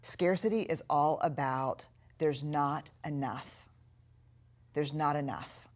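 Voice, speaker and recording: A middle-aged woman giving a recorded video lesson, talking earnestly and reflectively, slowing down to stress key words. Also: low-pitched. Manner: earnest, reflective, with slow emphatic stretches. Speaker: course instructor.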